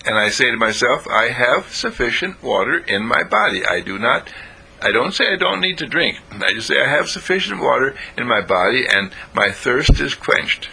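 A man voicing a calm, patient male spiritual teacher in a told story, speaking slowly and earnestly. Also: mid-range voice, creaky, a little hiss or hum, full character voice, low-quality recording. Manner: slow, measured, earnest. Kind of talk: storytelling with voices.

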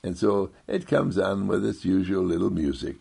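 A man with a deep, heavily gravelly, husky voice gently muses through an inspirational monologue at a moderate pace and steady tone. His pitch swings widely, rising high when he quotes others. Soft-spoken, he rambles, repeats and circles back on his words, and chuckles often.

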